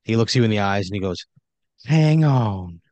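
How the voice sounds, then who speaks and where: A man's voice: lowish voice, level tone, very fast, clear, resonant tone, no echo, lo-fi sound. A man improvising a comedic horror story in a loose, rambling way full of fillers.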